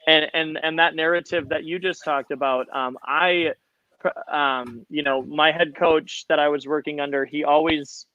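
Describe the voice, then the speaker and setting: Man, bright and sharp voice, halting with ums, dry and slightly muffled podcast audio. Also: fairly high pitch, steady tone, no room sound. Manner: hesitant, many ums and restarts. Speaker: college baseball coach. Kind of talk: casual podcast chat.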